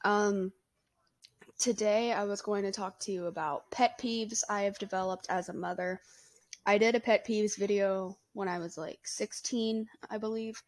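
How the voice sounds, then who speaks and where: A woman's voice: mid-range voice, fairly even intonation, normal speed. A woman in her twenties, a mother, talking bluntly and chattily to camera in a casual vlog. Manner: blunt, chatty, laughs often. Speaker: vlogger, mother.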